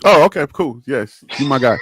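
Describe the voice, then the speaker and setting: A man's voice: mid-range voice, expressive, a little fast, a bit bright, slightly rough. A man hosting a casual sports panel chat, teasing the others and laughing often. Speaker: podcast host.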